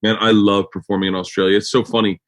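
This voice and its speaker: A man's voice: on the low side, flat delivery, quick pace. Man, American podcast host, casual chat, rambling stories, swears a lot. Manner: loud, swearing, rambling storyteller.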